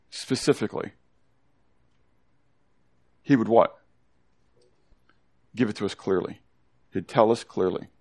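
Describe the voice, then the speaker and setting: Speaking in a mid-range voice, a man leads an animated Bible study sermon for a congregation, repeatedly posing questions to the room and encouraging the children to take part.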